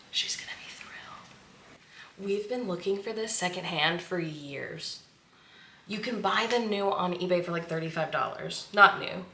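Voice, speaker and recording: A woman's voice: lowish voice, pushed and bright. A woman vlogging casually who gushes, chats and laughs often. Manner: gushing, chatty, laughs often. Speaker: sewing vlogger. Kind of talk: casual vlog chat. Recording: echoey room, faint noise.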